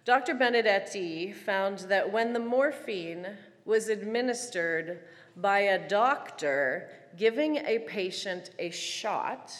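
A woman giving a prepared reflective talk, telling stories in a wry, animated way with dramatic pauses. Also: medium pitch. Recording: long reverb of a large hall.

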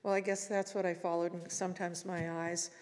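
A woman giving a reflective talk at a morning service and reciting poetry, gentle and unhurried, with long pauses between phrases. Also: on the low side, level tone. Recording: reverberant hall.

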